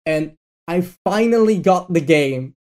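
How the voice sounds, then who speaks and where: A man hosting a casual podcast chat, rambling with lots of fillers and trailing off quietly at the ends of thoughts. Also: fairly high pitch, lively intonation, a little slow. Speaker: podcast host.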